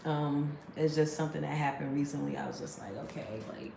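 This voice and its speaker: Low-voiced woman in her 30s rambling to her phone cam, kinda echoey, bit of noise behind. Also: level tone, a little fast, vocal fry, dark tone. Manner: chatty, laughing often, rambling asides. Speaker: vlogger. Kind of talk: casual chat to camera. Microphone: phone camera.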